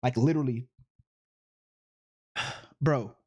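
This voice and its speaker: A man delivers profane, exasperated commentary on social media posts. His voice sits at an ordinary middle pitch, and he keeps breaking into incredulous outbursts. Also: slow, slightly rough. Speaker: online commentator.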